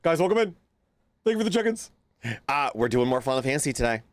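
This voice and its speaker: A man's voice: mid-range voice, very animated, quick pace, no room sound. A young man streaming live, chatting casually with his viewers and greeting them by name, now and then cooing at his pet. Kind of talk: casual livestream chat.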